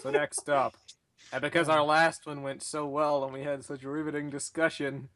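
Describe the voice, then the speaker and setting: A man's voice: fairly high pitch, flat delivery, normal speed, a bit bright. A man hosting a casual podcast over an online voice call. He chats easily, laughs often and moderates the listeners' questions. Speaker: podcast host.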